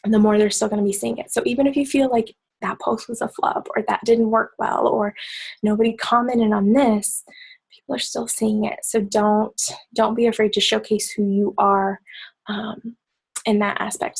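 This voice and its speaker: Soft-spoken husky woman coaching. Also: low-quality recording. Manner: talking softly and low to keep quiet. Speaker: team coach presenter. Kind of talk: casual coaching talk on a team call.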